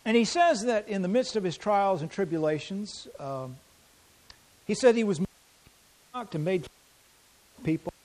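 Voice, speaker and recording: A man's voice: high-pitched, animated, rough recording. Preacher man with dynamic swings. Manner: dynamic, swings from loud emphasis to quiet intensity; reads scripture aloud slowly. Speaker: pastor. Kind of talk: sermon.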